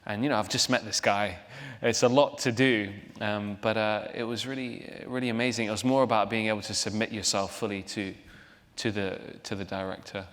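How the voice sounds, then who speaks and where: A young man being interviewed on a stage, voice somewhat low and chatty, often laughing at himself. His voice rings through a large hall with a long reverb. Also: fairly even intonation, brisk, fairly bright tone. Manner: chatty, laughing, self-deprecating, with restarts. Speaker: actor guest. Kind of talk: onstage interview. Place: large theater hall, live audience.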